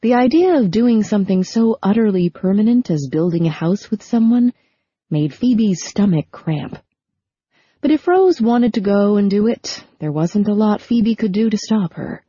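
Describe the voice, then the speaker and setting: A woman reading a novel aloud as audiobook narrator, in steady, even storytelling. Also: medium pitch, normal speed, breathy edge, dry recording. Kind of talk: scripted narration. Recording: dull lo-fi recording.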